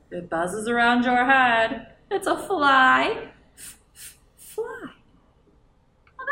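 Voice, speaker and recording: A woman's voice: on the high side, sharp tone, slight background noise. A woman librarian reading a picture book aloud to children in a coaxing, sing-song way and asking them questions. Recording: roomy, from a distance.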